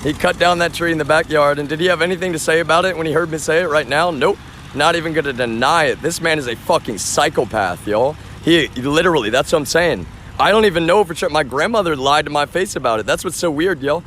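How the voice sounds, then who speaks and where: A man's voice: on the high side, fast, fairly bright tone, a little hiss or hum. Agitated rambling male live streamer. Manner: agitated, rambling, profane, addresses viewers as y'all. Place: outdoors in a front yard.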